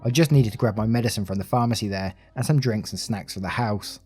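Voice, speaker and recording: A man reading reddit stories aloud in a steady, matter-of-fact way, as the channel's narrator. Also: on the low side, quick pace, breathy edge, soft background music.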